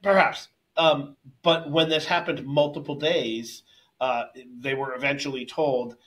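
A man's voice: medium pitch, steady tone, measured pace, fairly bright tone, rough recording. Agreeable man sharing teaching stories. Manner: agreeable, tells anecdotes from teaching. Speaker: podcast co-host, martial arts instructor. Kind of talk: casual podcast conversation.

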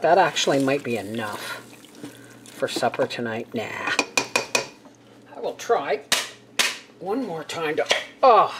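A woman's voice: low-pitched, noisy background. A middle-aged woman chatting casually to viewers as she cooks in her home kitchen. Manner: chatty and homey, talking to viewers while cooking. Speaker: homestead cooking vlogger. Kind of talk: casual cooking narration.

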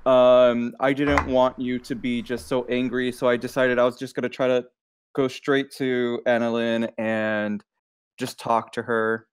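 A man's voice: medium pitch, level tone, unhurried, clear, resonant tone, natural voice. Guy doing a nervous young brother, stammers, makes excuses. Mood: sheepish. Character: young man pleading to see his sister.

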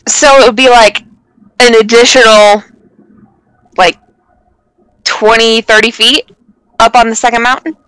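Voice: mid-range voice, steady tone, measured pace, pauses often, bright, forceful tone, clear, resonant tone, dry recording, low-quality recording. A player in a tabletop roleplaying game, playful and laughing often, making bold jokes. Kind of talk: casual tabletop play.

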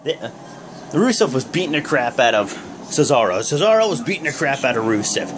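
A man's voice: medium pitch, sing-song, fairly quick. A young man hosting a wrestling review vlog, recapping casually in a rambling, joking way with lots of fillers. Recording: noisy background hum.

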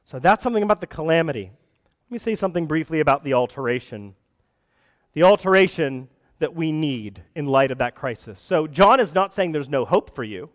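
A man's voice: a little high, animated, a little fast. A male pastor preaching a sermon. He is earnest and breaks into conversational asides and restarts. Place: church sanctuary. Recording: long reverb of a church hall.

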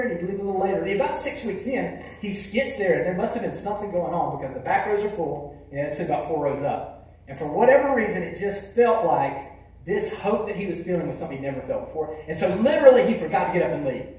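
A man's voice: high-pitched, lively intonation, fast, distant mic. Emphatic man in an echoey hall. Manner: emphatic, swings between loud punches and hushed lines. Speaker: keynote speaker. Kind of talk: motivational storytelling talk. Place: large hall.

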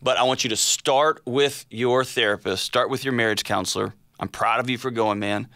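An earnest man hosts a relationship advice show in a dry, close studio sound. His voice sits at a middle pitch. He talks with emphasis and acts out the lines he quotes. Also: fairly even intonation, moderate pace, a bit bright, no room sound. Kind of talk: casual on-air advice and chat.

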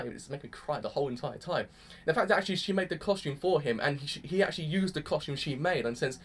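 A young man rattles off an excitable, gushing anime review at a rapid clip. His voice sits a bit high for a man, and his casual, enthusiastic talk is full of "freaking". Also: breathy edge.

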